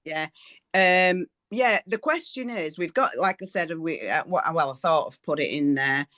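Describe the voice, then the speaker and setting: A woman's voice: low-pitched, fairly bright tone, no echo, highs cut off. Hesitant woman caller on a dry line. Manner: hesitant, halting. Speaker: caller asking a question. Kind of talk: casual question on a call. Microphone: video call.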